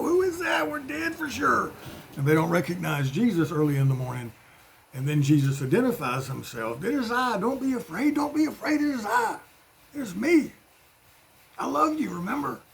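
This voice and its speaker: A man's voice: medium pitch, creaky, darkish tone, slight background noise. A man giving an informal sermon in a conversational way, with playful voiced asides. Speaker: preacher.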